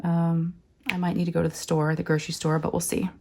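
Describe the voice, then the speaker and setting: Crafting vlogger, woman, sick and hoarse, gravelly low voice, chatty and rambling, full of fillers. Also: flat delivery, fast, a little mellow. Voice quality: raspy, scratchy. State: hoarse from illness. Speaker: crafting channel host. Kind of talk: casual chat while diamond painting.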